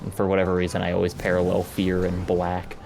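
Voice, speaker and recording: A man's voice: deep voice, monotone, fast, vocal fry. A man casually chatting about video games as a guest, thinking aloud with many restarts. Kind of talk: casual gameplay commentary.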